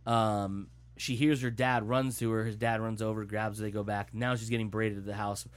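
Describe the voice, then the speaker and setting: Talking a little fast in a low-leaning voice, a young man recounts a film's plot casually, swearing plenty. He's animated and acts out the quotes as he goes.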